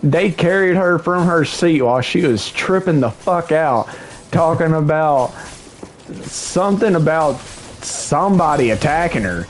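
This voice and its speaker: A man's voice: a little high, a little slow, a little mellow. A young man hosting a livestream, casually telling a long story with lots of slang and swearing, his voice jumping up when he quotes people. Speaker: livestream host.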